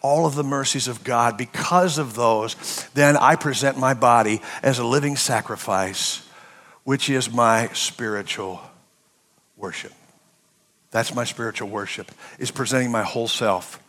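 A man preaching a sermon as pastor, swinging between impassioned shouting and quiet, hushed passages. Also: medium pitch, a little slow. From United States.

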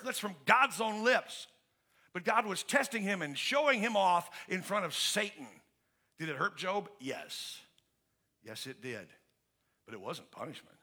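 A man's voice: high-pitched, pushed and bright, breathy edge. A man pastor preaching a sermon in an emphatic, conversational way, asking the congregation to finish his questions. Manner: emphatic and conversational, with frequent restarts.

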